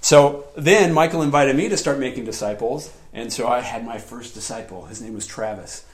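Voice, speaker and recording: A man preaching a sermon in a lively storytelling way, often laughing as he tells personal stories. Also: medium pitch, moderate pace. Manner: animated, laughs often while telling stories. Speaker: pastor.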